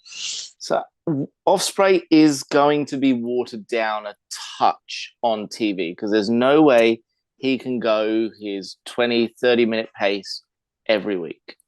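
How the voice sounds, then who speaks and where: A man's voice: mid-range voice, slow pace, dry recording. A man from England with an English accent, co-hosting a podcast and explaining things at length in casual chat. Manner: chatty, explains at length with fillers and restarts. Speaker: podcast co-host.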